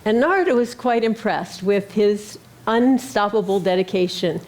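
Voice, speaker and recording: Female speaker, sermon storytelling, gentle and a little hesitant. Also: medium pitch, lively intonation, normal speed. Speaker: speaker at a Sunday service.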